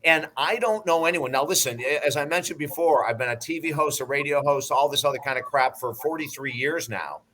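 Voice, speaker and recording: A man's voice: fairly high pitch, brisk, hardly any pauses. A man in his sixties, a guest in an interview, telling stories bluntly and emphatically, sometimes swearing. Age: 60s. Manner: animated anecdote-teller. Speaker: guest, life coach and broadcaster. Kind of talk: interview storytelling.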